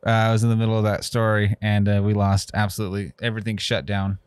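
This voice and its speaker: A man's voice: fairly low pitch, fast talker, clear, resonant tone, dry recording. A man co-hosting a casual home-studio podcast, telling a story with lots of swearing and acting out what other people said. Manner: animated storyteller, swears a lot, acts out other people's lines. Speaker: podcast co-host. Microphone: studio mic.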